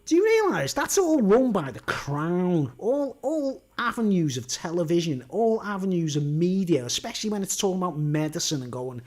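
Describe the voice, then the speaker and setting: A man's voice: high voice, sing-song, normal speed, hardly any pauses, a little mellow. A man talking to camera in a rambling monologue, full of tag questions like "right?" and "you know what I mean?". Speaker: vlogger.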